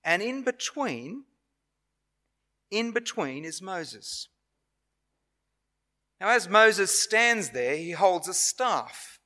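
A man with an Australian accent preaching a sermon in a church, earnest and measured, with pauses and self-corrections. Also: high voice, very animated, bright, forceful tone.

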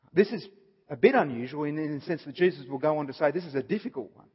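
A man's voice: on the high side, husky. A man giving an earnest Bible study talk, explaining a passage and stressing points by repeating them. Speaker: Bible teacher. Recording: dull audio with long reverb.

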